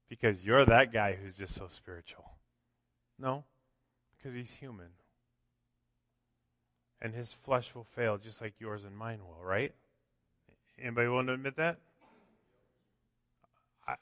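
A man's voice: medium pitch, measured pace, long pauses, sharp tone, no echo, clean studio sound, long reverb tail. A man preaching a sermon as pastor, conversational, often tossing in "right?" and acting out quotes. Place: church sanctuary.

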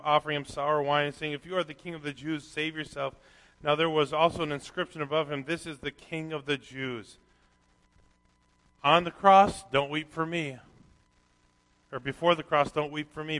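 A man preaching a sermon, reading scripture aloud and swinging from quiet reflection to loud, animated emphasis. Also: fairly high pitch. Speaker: pastor. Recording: long hall reverb.

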